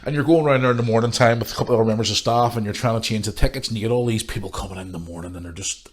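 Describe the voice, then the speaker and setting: A man with a fairly low voice rants on his podcast and swears freely. He sounds like he has a cold, and his talk is blunt and casual. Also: rapid-fire. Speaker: podcast host. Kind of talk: casual ranting monologue.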